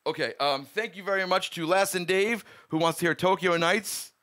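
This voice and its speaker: A man's voice: high-pitched, moderate pace, pushed and bright. A man hosting his own music live stream from a home room, chatting casually and rambling as he greets viewers by name.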